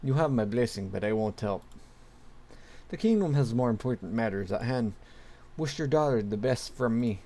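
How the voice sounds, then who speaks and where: A man's voice: mid-range voice, lively intonation, moderate pace, dark tone. A man reading the lines of a firm, fatherly king in a plain voice.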